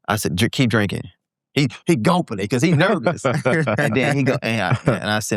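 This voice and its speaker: A man's voice: fairly low pitch, a little fast, dry recording, studio quality. A man in his forties speaking as a guest entrepreneur, telling a candid story in a podcast conversation and acting out the voices he quotes. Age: 40s. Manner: animated, acts out quoted voices.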